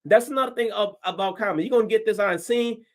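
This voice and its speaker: His voice sits high and moves fast as this stand-up comedian from Detroit tells a livestream story. It's profane and lively, and he acts out his own responses.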